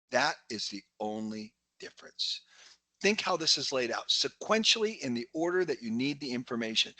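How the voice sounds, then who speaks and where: A middle-aged man giving a webinar talk, telling energetic stories full of quoted dialogue. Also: mid-range voice, no room sound. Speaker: keynote speaker. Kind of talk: webinar presentation.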